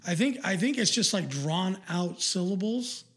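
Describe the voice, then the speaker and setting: High-voiced man ranting bluntly. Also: animated, normal speed, a bit bright, husky. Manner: rambling, blunt and profane, heavy on fillers. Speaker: podcast co-host. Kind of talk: casual live-stream chat.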